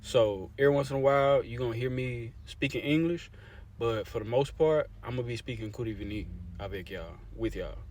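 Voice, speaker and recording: This young adult man from Louisiana speaks at a fairly quick clip in a mid-range, slightly mellow voice, with a little background noise. A language advocate talking casually to camera, he explains things conversationally, checks in with listeners often, and keeps repeating "you see what I'm saying."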